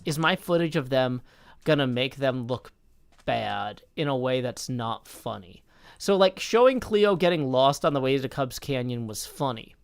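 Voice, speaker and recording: Tired man rambling on a live stream. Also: a little high. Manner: rambling, self-correcting, reads chat aloud. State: tired from little sleep. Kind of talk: casual live-stream chat.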